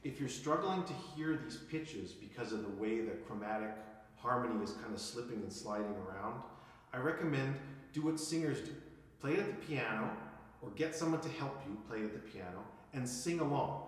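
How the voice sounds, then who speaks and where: A man's voice: medium pitch, expressive, moderate pace. Man teaching viola in an echoey room. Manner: calls out counts and dynamics while demonstrating. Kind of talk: instructional music lesson. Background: viola playing.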